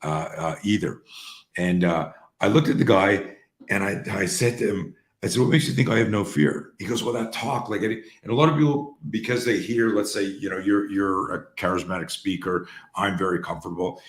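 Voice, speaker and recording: Deep-voiced man telling stories in an echoey room. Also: brisk. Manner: animated, profane, restarts often. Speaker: host. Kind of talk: casual storytelling talk.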